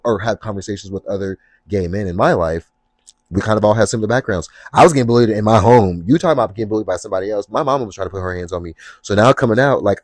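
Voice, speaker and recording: A young adult man hosting his own podcast, talking casually and with sass in a deep voice. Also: no echo. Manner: sassy, expressive, slips into playful put-on voices when retelling scenes. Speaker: podcast host. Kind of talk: casual solo podcast talk.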